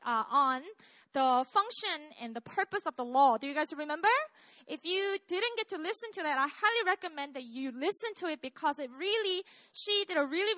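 A woman pastor with a Korean accent delivers a live church sermon in a high, bright voice. She stays chatty and self-deprecating and keeps turning to the congregation with questions. The sound is dry and close, with no room echo.

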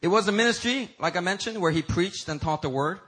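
A man preaching a sermon as pastor, emphatic, rising to high, loud peaks and talking casually to the congregation. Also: brisk, slightly rough, low-quality recording. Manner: uses y'all and casual asides to the congregation.

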